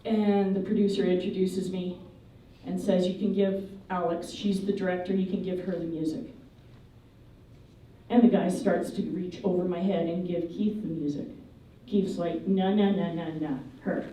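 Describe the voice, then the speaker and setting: A woman giving a memorial eulogy, telling funny, lively anecdotes about the people she remembers. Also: on the low side, slight background noise. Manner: lively, humorous storytelling. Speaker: eulogy speaker. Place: memorial service hall. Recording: echoey hall, voice from a distance.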